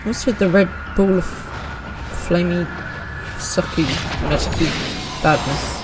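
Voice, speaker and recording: A woman's voice: fairly low pitch, measured pace, over music. A woman, chatting upbeat with viewers while streaming a game live.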